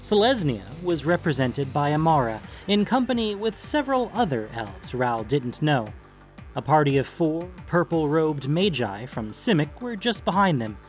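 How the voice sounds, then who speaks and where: A male audiobook narrator tells a fantasy story with lively, animated intonation. Soft music runs underneath the reading. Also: on the high side, moderate pace. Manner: expressive storytelling. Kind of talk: scripted narration.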